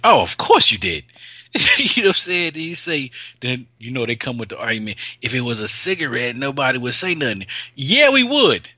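A man's voice: medium pitch, very animated, brisk, bright, forceful tone, no room sound. A man in casual podcast banter, loose and profane, laughing often and getting riled up. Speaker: co-host.

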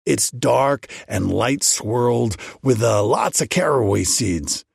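A man's voice: mid-range voice, lively intonation, takes it slowly, vocal fry, a little mellow, husky, no echo, clean studio sound, heavily acted. A man voicing a chatty male baker who is eager to please.

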